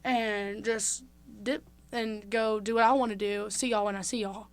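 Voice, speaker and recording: A woman's voice: medium pitch, steady tone, normal speed, clear, resonant tone. Young woman telling a candid story. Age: young adult. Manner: candid storytelling, many fillers. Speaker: guest. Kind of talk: casual interview.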